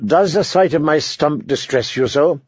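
A man voicing a proud, bitter, maimed male knight who talks in a sardonic, mocking way with a gravelly voice. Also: fairly high pitch, normal speed, no room sound. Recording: dull dry lo-fi recording.

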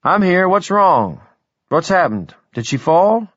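A man's voice: medium pitch, moderate pace, dry recording, close to an everyday voice. A man doing a wry, blunt middle-aged man. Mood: excited. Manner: brooding, wry, then excited. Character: blunt, worldly middle-aged man, peppers talk with Spanish. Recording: dull, dry audiobook recording.

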